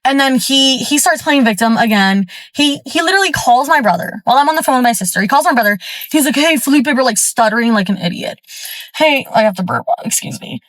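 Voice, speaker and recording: A woman from Florida with a fairly high voice tells a story in a chatty, fired-up way, stuffing every sentence with fillers. She is recorded at a gym, and the sound is close and dry with no room echo. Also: animated, fast talker, fairly bright tone. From Florida, USA. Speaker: storyteller vlogger. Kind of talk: casual storytime monologue.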